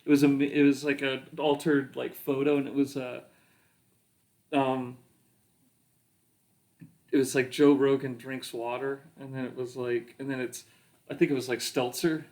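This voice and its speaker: A man co-hosting a podcast in casual chat, making dry, wry remarks with halting fillers. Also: mid-range voice, level tone, darkish tone. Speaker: podcast co-host.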